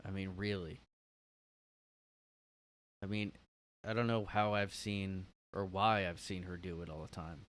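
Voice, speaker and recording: A man's voice: low voice, little pitch movement, measured pace, long pauses, fairly bright tone. A man hosting a casual solo podcast from his room, rambling and hesitant, full of "like". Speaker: podcast host.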